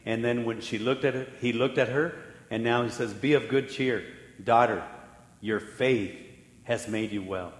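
A man preaching a sermon as pastor, telling the story with lively acted-out voices and laughing at himself now and then. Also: mid-range voice, normal speed. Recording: echoey hall with long reverb.

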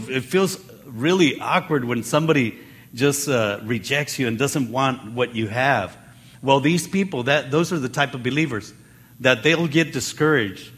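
A man preaching a Bible teaching sermon in a conversational way, jumping in pitch as he acts out the people he quotes. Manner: animated, acts out quoted voices with pitch jumps; conversational with fillers and restarts.

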